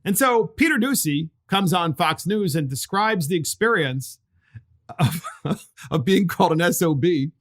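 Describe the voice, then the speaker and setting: A man hosting a political podcast, talking in an animated, mocking way and laughing now and then. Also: a little high, a little slow. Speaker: podcast host. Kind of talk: opinionated political commentary.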